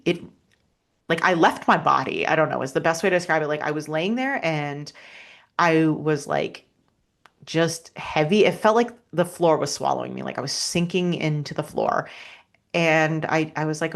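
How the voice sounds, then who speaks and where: A woman appearing as a podcast guest tells a personal story earnestly but haltingly, full of restarts and fillers. Her voice is low-pitched and creaky.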